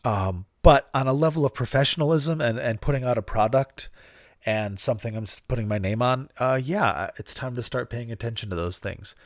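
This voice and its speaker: A man hosts his own podcast solo in a casual, rambling way, swearing, mocking himself, laughing a lot and battling a dry cough. His voice is medium in pitch and a little fast, recorded dry on a studio podcast mic.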